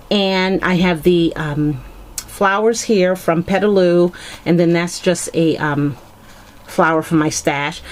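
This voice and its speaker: A woman talks through her craft projects in a relaxed show-and-tell. Her voice sits a little low for a woman. She fills pauses with ums and corrects herself as she goes. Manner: chatty, frequent fillers and self-corrections. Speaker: craft vlogger.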